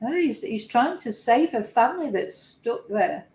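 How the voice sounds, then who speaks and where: A woman's voice: a little high, lively intonation, a little slow, a little mellow, echoey room, poor audio. A woman hosting a livestream, reacting to clips with chatty, emotional exclamations. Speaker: host.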